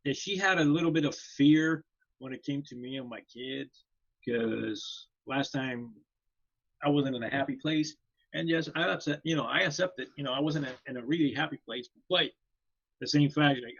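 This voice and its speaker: A man's voice: mid-range voice, gravelly, a bit bright, muffled recording. A man co-hosting a casual podcast chat, talking loosely with many fillers. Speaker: podcast co-host.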